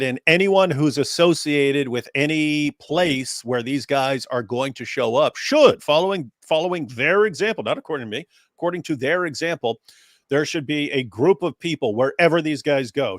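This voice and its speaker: Man hosting a panel, halting speech. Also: fairly high pitch, no room sound, studio quality. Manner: halting, many fillers and restarts. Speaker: show host. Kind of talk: casual panel discussion.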